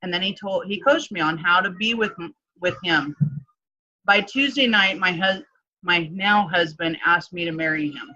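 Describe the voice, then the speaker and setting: A woman coach telling a personal story in a casual interview, animated and chatty, often acting out what others said. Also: lowish voice, moderate pace, dull audio. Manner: animated, acts out quoted dialogue, frequent "like". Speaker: guest, transformation coach.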